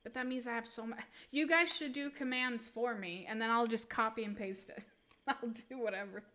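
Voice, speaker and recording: A young woman chatting casually with her chat while reading tarot on a live stream, relaxed and swearing offhand. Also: on the high side, moderate pace.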